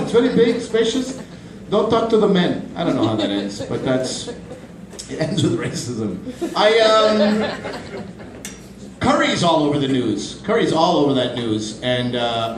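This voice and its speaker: A man in his thirties doing a stand-up comedy set in a small club, animated and quick to jump into high-pitched voices for his bits. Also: a little hiss or hum. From Pakistani family, grew up in Canada. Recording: roomy club from a distant mic.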